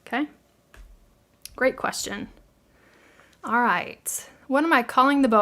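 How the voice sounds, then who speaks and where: A woman's voice: sits high, slow, pauses often, sharp tone. A middle-aged woman with a Midwestern American accent hosts a live craft tutorial, chatting in a friendly way, laughing easily and answering viewers' questions.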